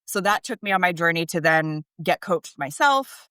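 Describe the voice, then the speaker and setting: A woman's voice: on the low side, normal speed, few pauses, pushed and bright, smooth, no echo. A woman in her thirties, a parenting coach, explaining earnestly in a conversational podcast interview, rising animatedly on key points.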